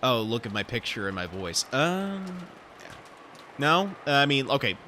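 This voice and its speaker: A man's voice: mid-range voice, sing-song, measured pace, pushed and bright, a little hiss or hum. A man streaming himself reading a visual novel aloud, chatting in a rambling way with lots of fillers. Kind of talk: casual live-stream reading and chat.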